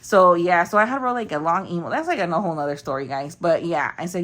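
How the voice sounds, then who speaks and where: A woman's voice: fairly low pitch, very animated, fast, few pauses, a bit bright. A young woman telling a story in casual, rambling chat, full of fillers. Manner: chatty, rambling, lots of fillers. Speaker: budgeting vlogger.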